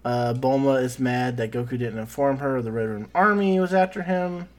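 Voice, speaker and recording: A man's voice: mid-range voice, moderate pace. Joking man recapping an episode. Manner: joking, teasing. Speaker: podcast host. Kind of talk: casual chat, recapping an episode.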